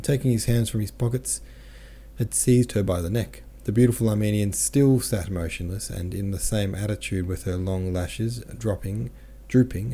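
A man narrating a classic novel as an audiobook reader, in a measured, steady manner. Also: lowish voice, breathy edge.

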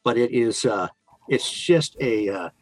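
A man working as a museum tour guide, telling chatty stories in an interview with a playful, deadpan humor. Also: mid-range voice, unhurried, no echo, rough recording. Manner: chatty, lots of fillers and restarts, playful deadpan jokes. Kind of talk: enthusiastic interview storytelling.

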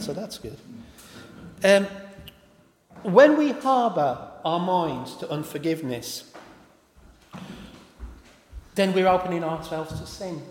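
In an echoey hall with long reverb, a man with a slightly high, darkish voice preaches a sermon informally. He often stops to correct himself and apologise.

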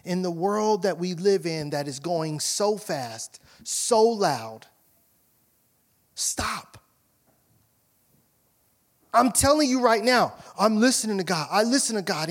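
A male pastor delivering an emphatic sermon, swinging from loud questions to soft asides. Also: high voice.

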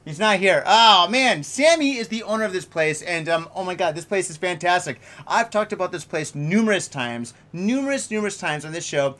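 A man hosting a casual podcast, a little tipsy, loud, joking and swearing freely. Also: sits high, lively intonation, brisk, hardly any pauses. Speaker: podcast host. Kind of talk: rowdy casual chat.

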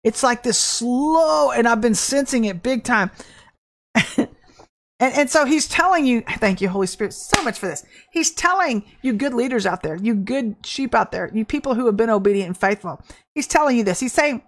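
Fervent woman preaching prophecy. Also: fairly high pitch. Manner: fervent, emphatic, shifts between drawn-out and rushed phrases. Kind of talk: prophetic sermon.

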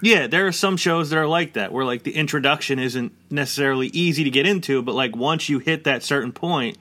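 A slightly high, slightly quick voice with a sharp edge belongs to a man of about forty. His casual conversation wanders, packed with "like" fillers.

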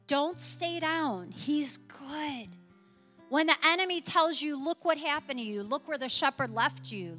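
Woman pastor, sermon delivery, somewhat high voice, emphatic and repetitive, long hall reverb. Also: sharp tone. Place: church sanctuary.

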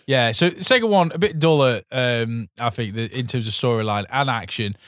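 A man's voice: medium pitch, fairly quick, a bit bright, dry recording, studio quality. A man co-hosting a casual film podcast, easygoing but hesitant, with many fillers. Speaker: podcast co-host.

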